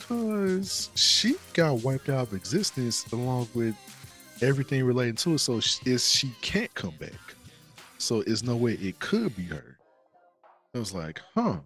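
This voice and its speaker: A man's voice: mid-range voice, big pitch swings, normal speed, fairly bright tone, soft background music. A man co-hosting a podcast, casually retelling a game's story in slangy talk and acting out the characters' lines. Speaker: podcast co-host.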